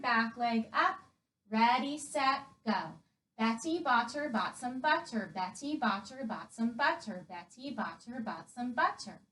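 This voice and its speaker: A woman guiding children through a yoga lesson, giving clear, encouraging step-by-step cues. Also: fairly high pitch, fairly bright tone, recorded from a distance. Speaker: kids yoga instructor.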